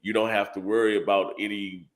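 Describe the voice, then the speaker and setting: A man's voice: on the low side, a little fast. A man co-hosting a live chat show, joking and repeating himself as he talks. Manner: animated, joking, repeats words. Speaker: co-host.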